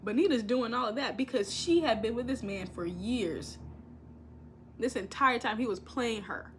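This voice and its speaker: Animated young woman recapping reality TV. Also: fairly high pitch, moderate pace, a little hiss or hum. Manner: animated storytelling, acting out quotes, frequent laughter. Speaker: commentary vlogger.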